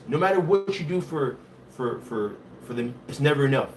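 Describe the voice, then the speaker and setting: A man's voice: mid-range voice, expressive, brisk. A young man hosting a casual livestream, reading viewer comments aloud and mixing in Haitian Creole. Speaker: livestream host. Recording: faint background noise, somewhat distant from mic.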